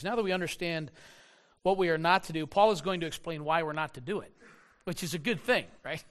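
A middle-aged male pastor preaching a sermon, animated, repeating words and slowing down to stress a point. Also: a little high.

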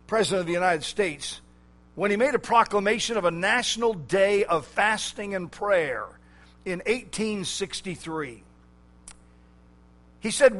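A man preaching a sermon, slow and emphatic, drawing out key words. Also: high voice, fairly bright tone.

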